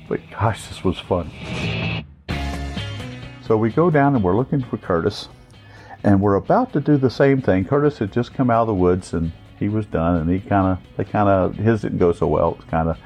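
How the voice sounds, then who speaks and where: A middle-aged man telling a personal story, animated and amused, acting out the voices of the people in it. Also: sits low, gravelly.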